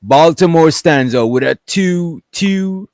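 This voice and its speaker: A man's voice: a little high, lively intonation, takes it slowly, darkish tone, no echo, clean studio sound. A man from Guyana co-hosting a podcast, telling stories in a laid-back, slangy, rambling way. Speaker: podcast co-host. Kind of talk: casual chat.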